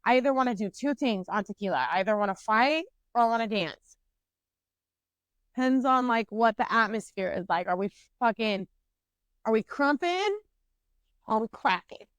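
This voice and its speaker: A woman's voice: on the high side, lively intonation, moderate pace, pauses often, dry recording. Candid, profane young woman telling stories. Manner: profane, candid, self-mocking; rambling with frequent fillers and restarts. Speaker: podcast co-host. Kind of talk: casual storytelling chat.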